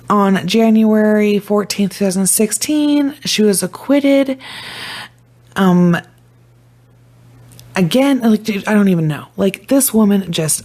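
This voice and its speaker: Young woman vlogger, husky and gravelly, profane excitable rambler on a phone mic. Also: mid-range voice. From Idaho, USA. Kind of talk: casual commentary to camera.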